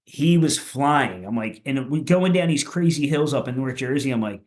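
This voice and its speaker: A Philadelphia punk musician, appearing as a guest on a podcast, rambles through stories in a mid-range voice with a darkish tone, lively intonation, and a moderate pace. It's casual chat, full of swearing and constant "like" fillers.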